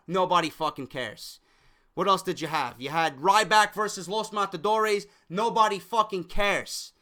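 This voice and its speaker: A man's voice: high voice, pushed and bright. A young man giving a heated, profane solo review rant of a wrestling show, frustrated and venting.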